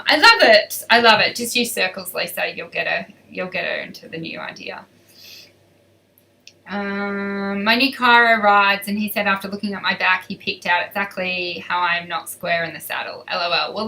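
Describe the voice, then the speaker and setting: A woman's voice: mid-range voice, vocal fry, pushed and bright, far from the mic, poor audio. A woman riding coach hosting a live stream, chatty and upbeat as she reads out and answers viewer questions.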